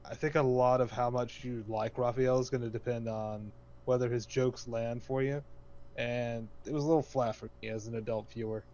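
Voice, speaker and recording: A man's voice: medium pitch, fairly even intonation, normal speed, darkish tone, muffled recording. A man on a podcast giving blunt, analytical opinions in casual chat. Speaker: podcast co-host.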